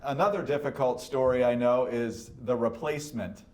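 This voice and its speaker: A man's voice: medium pitch, moderate pace, a little mellow. A man working as an interviewer, putting short, prompting questions to a veteran. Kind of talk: oral history interview.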